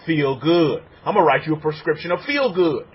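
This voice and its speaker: A fairly high, husky male voice preaches with animated swings in pitch and loudness. The recording is dull and lo-fi. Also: a little fast. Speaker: rabbi. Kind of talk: sermon.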